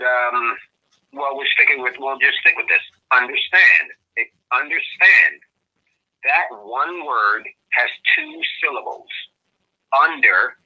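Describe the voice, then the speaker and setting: Bright husky man lecturing, "okay?". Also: mid-range voice, poor audio. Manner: repeats "okay?" to check listeners, with many restarts and fillers. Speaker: guest speaker. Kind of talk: lecturing monologue.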